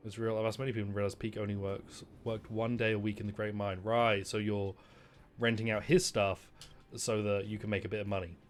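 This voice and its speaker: A man's voice: lowish voice, flat delivery, brisk. A British man casually commentating a video game, wryly reading dialogue aloud with mock indignation. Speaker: gaming streamer.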